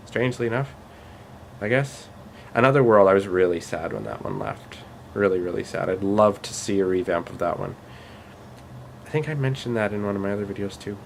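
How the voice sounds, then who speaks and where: A man's voice: on the low side, animated, slight background noise. Brief Rambling Canadian man in his thirties. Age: 30s. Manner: rambling, self-deprecating, with fillers and pauses. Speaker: vlogger. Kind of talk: casual late-night vlog.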